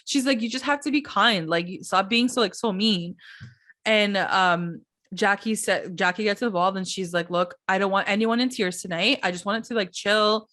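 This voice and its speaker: A woman's voice: mid-range voice, normal speed, dry recording, studio quality. A young woman co-hosting a podcast, casually recapping a reality show and acting out the cast's lines in little voices. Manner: animated, acts out quotes in voices. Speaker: podcast co-host.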